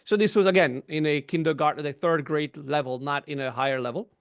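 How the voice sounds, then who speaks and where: On a video call, a middle-aged man speaks as a webinar guest, explaining things in a conversational discussion. His voice is fairly high and steady, his pace brisk, and he keeps tagging on "right?" and "you know."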